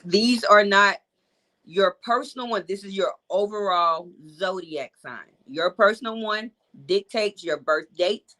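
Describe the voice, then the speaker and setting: A woman's voice: lowish voice, sharp tone, rough recording. A woman, hosting a live call-in show in a loose, chatty way and talking straight to her viewers. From Georgia, USA. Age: 40s. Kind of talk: casual live-stream chat.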